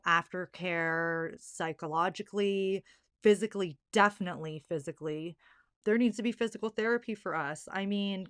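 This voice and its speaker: A woman's voice: lowish voice, a bit bright, no echo, clean studio sound. A young woman hosting her own podcast, speaking candidly and earnestly, getting worked up and emphatic about the subject. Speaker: podcast host. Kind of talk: candid solo podcast talk.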